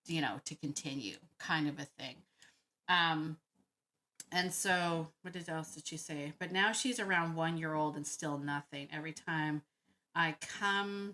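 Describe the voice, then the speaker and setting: A woman hosting a dog-training Q&A, talking casually and thinking out loud with frequent laughs. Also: on the low side. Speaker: dog trainer podcast host. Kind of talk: casual Q&A monologue.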